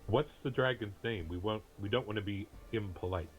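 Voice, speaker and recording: A man's voice: lowish voice, brisk, husky, faint music behind, low-quality recording. A man playing in a tabletop game, chatty and playful in character. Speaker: player.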